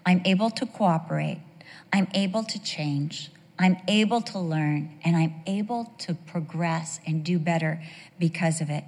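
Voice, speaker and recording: A middle-aged woman delivers a sermon in a chatty, storytelling way, often turning to ask her listeners questions. Her voice sits a little low for a woman. The recording carries the long reverb of a large hall. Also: measured pace, a little mellow. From United States. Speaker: women's devotional speaker. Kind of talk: sermon with personal stories.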